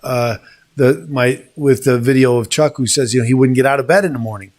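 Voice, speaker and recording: Male host, gravelly mid-range voice, halting and unhurried, casual chat. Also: mid-range voice. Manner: halting, searching for words. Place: small studio room.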